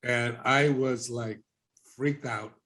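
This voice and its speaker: A man's voice: mid-range voice, steady tone, slow, a bit bright. A middle-aged man telling his life story as a podcast guest, casually and animatedly, acting out the voices of people he quotes.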